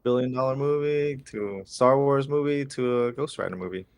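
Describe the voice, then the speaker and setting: A man's voice: medium pitch, moderate pace, clear, resonant tone. A man co-hosting a casual movie news podcast, easygoing and chiming in with facts and questions. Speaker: podcast co-host.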